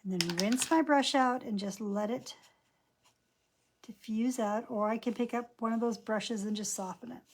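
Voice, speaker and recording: A woman with a slightly higher voice leads a painting lesson. She keeps up a running, chatty commentary on every brushstroke and color as she paints. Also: normal speed, slight background noise. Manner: chatty, narrates each brushstroke aloud. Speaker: painting instructor.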